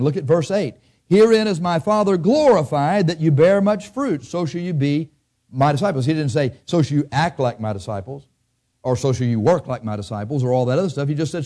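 A man's voice: a little high, warm tone. A man preaching a sermon in a church, speaking conversationally and asking his listeners frequent questions.

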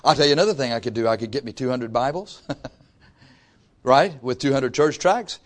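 A pastor preaching to his congregation, swinging from loud rises to soft asides. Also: mid-range voice, a little fast. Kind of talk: sermon. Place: church before a congregation.

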